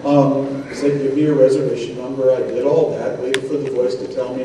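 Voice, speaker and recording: A man's voice: medium pitch, flat delivery, a little fast, hardly any pauses, mellow. A man in his sixties giving a lecture as a guest speaker, telling anecdotes in a conversational way and quoting people in dialogue. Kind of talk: storytelling lecture. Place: synagogue hall. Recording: echoey hall, distant mic, noisy.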